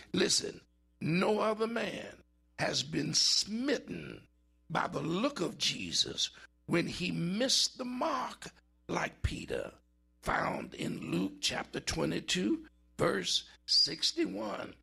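A man preaching a sermon in a dramatic style, with big swings in pitch and drawn-out words for emphasis. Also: very animated, vocal fry, sharp tone, slightly rough.

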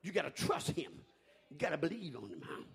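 A man preaching a fervent sermon, rising to shouts and chuckling between lines. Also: a little high, very animated, fairly quick, vocal fry, breathy edge. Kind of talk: call-and-response sermon.

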